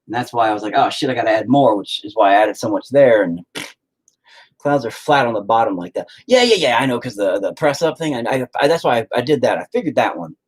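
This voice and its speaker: Mid-range, husky and animated, the man talks fast as he paints, cursing freely and making fun of himself throughout his rambling chat.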